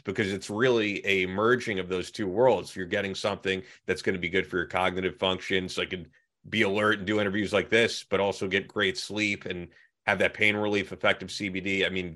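A man's voice: lowish voice, pushed and bright. A man hosting a podcast in casual chat, upbeat and promotional. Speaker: podcast host.

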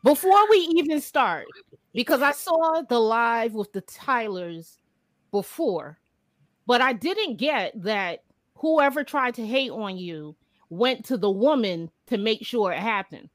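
A woman on a live online panel speaks in a measured, pointed way. Her voice is slightly high, and the sound is dry and close. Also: lively intonation, no echo, low-quality recording. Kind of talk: casual chat.

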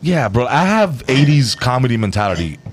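A man's voice: medium pitch, big pitch swings, a little fast, slight background noise. A man guesting on a podcast as a comedian, telling stories in a loose, rambling way with frequent swearing and restarts. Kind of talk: casual podcast chat.

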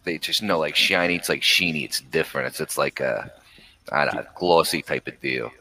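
A young man with a Philadelphia accent, chatting casually as a podcast guest, laid-back and quick to laugh. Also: very deep voice, pushed and bright, rough recording. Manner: laid-back, laughs often, repeats words. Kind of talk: casual chat.

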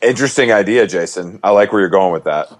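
A man's voice: on the low side, fast talker. A man co-hosting a podcast in casual chat, teasing and swearing freely. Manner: profane, teasing. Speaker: podcast co-host.

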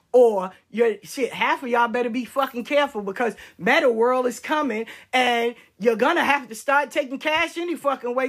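High-voiced woman ranting profanely. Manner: heated, profane and confrontational; emphatic repetition, swinging between shouts and low asides. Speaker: spiritual practitioner speaking to her community. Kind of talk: live-stream rant.

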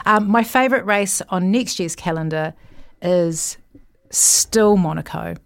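Chatty woman with a gravelly low voice. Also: measured pace, dry recording. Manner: chatty and animated, jumping between asides. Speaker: guest commentator. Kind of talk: casual chat about motor racing.

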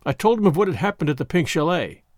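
A man narrating a first-person adventure story in measured storytelling, acting out the dialogue. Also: on the high side, lively intonation, a little mellow, dry recording, studio quality. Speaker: audiobook narrator.

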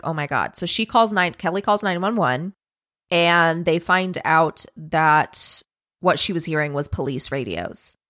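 A lower-pitched young woman telling a true crime story to her co-host in a relaxed, profane, chatty way. She slips into quick acted quotes of the people involved. The recording is dry and close. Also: no room sound. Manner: casual, swears a lot, acts out quotes. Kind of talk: casual storytelling chat.

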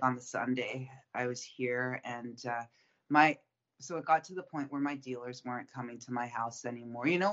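A man's voice: mid-range voice, a bit bright. A man telling his recovery story in casual conversation, swearing often and rambling with many fillers. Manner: profane, rambling, frequent fillers. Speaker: guest sharing recovery story. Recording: dull lo-fi sound.

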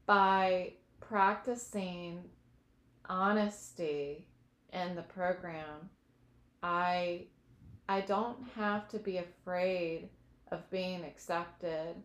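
Slow, earnest woman in an echoey room. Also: lowish voice. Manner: earnest, searching for words. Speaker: guest sharing her recovery story. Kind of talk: reflective personal testimony.

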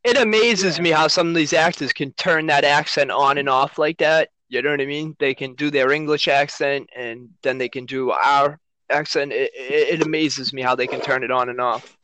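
Man, earnest, bright tense voice, fairly high. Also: fairly even intonation, moderate pace, poor audio. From Everett, Massachusetts, USA. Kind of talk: casual podcast chat.

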